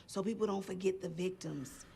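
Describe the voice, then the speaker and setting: A woman's voice: mid-range voice, normal speed, creaky, mellow, breathy edge. An actress playing a protective, weary middle-aged woman who speaks firmly and bluntly in a drama.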